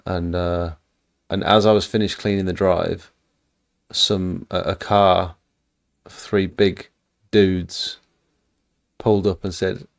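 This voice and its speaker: A man with a very deep, gravelly voice chats bluntly on a late-night live stream. He sounds tired and matter-of-fact. The sound is dry and close, with no room echo. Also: level tone, slow pace, long pauses. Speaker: channel host.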